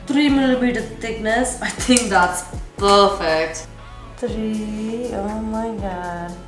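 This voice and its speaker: Playful woman in an echoey kitchen. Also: medium pitch. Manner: playful and chatty, half-singing some words. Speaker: home cook presenting a recipe. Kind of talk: casual cooking vlog chat. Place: home kitchen. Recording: very echoey kitchen with background music.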